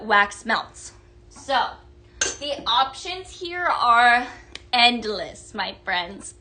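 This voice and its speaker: Bright, gushing woman hosting a live sale. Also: on the high side. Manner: chatty, gushing, greets viewers by name. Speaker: live sales host. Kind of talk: live-stream product demo.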